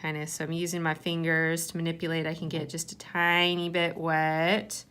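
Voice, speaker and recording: Woman teacher, lowish voice, patient step-by-step clay craft tutorial. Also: completely flat delivery, normal speed, a bit bright, clean tone.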